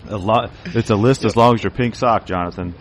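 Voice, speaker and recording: A man co-hosting a podcast, dropping deadpan quips in casual banter with friends. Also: fairly low pitch, brisk, slight background noise. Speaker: podcast co-host.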